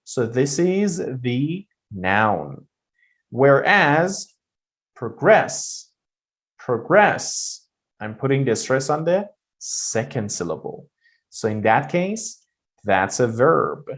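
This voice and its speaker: A man's voice: medium pitch, sing-song, slow. A man teaching a pronunciation lesson, explaining step by step with patient repetition and occasional fillers. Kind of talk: recorded lesson.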